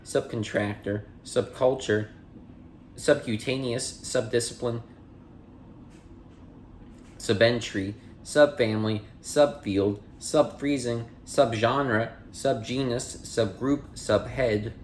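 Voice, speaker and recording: Male podcast host reading a dictionary aloud: steady word-by-word cadence, casual asides, mid-pitched voice, echoey room. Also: slow, slight background noise. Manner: reads entry word, part of speech, then definition in a steady cadence; chatty and apologetic in asides. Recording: roomy echo.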